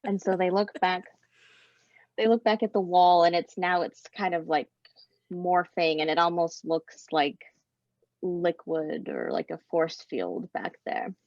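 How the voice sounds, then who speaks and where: A woman improvises a spooky story for a panel, casual and lively. Her voice is slightly low and gravelly. The recording is dull and lo-fi. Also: unhurried, no room sound. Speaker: convention panelist.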